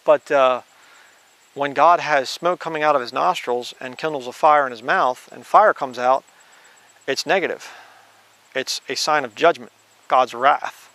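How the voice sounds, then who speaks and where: A male preacher slowly reading scripture aloud, then adding blunt conversational asides. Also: mid-range voice, fairly bright tone. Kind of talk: informal Bible teaching.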